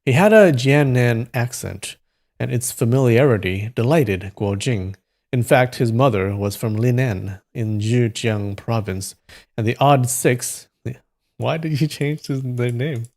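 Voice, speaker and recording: Guy reading a book out loud on stream, chill, stumbles sometimes. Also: mid-range voice, measured pace. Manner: relaxed, stumbles and comments aloud. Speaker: live stream reader. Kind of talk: reading a novel aloud on a live stream.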